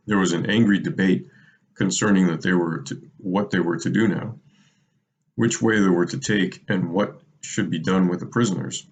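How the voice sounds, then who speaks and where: A man reading a fantasy novel aloud in a measured, steady way. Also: low-pitched, lo-fi sound. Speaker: reader. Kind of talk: audiobook narration.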